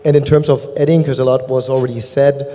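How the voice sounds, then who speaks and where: German-accented man on a panel, dark tone. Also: mid-range voice, steady tone, fast. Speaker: angel investor panelist. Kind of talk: panel discussion. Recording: long hall reverb.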